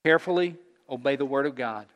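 A man preaching a sermon as a pastor, earnest, rising to loud call-and-response with his congregation. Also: medium pitch, fast talker, in a large hall. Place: church sanctuary.

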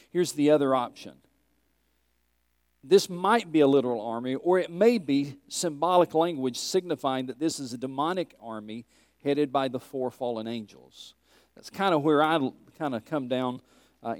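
Man, Bible teacher, mid-pitched, emphatic and questioning, close dry sound. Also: a little mellow, dry recording. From Tennessee. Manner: earnest, emphatic, questions the class.

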